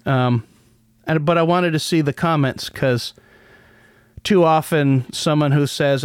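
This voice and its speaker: Sardonic rambling man, smooth dry voice. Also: fairly high pitch, fairly even intonation, a little slow, no echo. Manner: rambling, many restarts, sardonic. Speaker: podcast host. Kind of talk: casual solo commentary.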